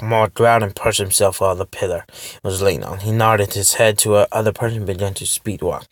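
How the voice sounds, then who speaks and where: A man's voice: on the low side, fairly even intonation, fairly quick, no room sound. A man reading a fan-fiction story aloud in a car, tripping over words and restarting lines as he goes. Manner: stumbling reading, frequent restarts and self-corrections. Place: parked car.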